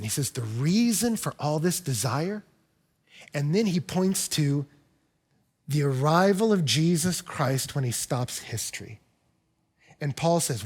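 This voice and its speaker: A male pastor delivering an impassioned sermon in a church, swinging between hushed, quiet phrases and loud, emphatic lines. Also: a little high, lively intonation, a little slow, breathy edge.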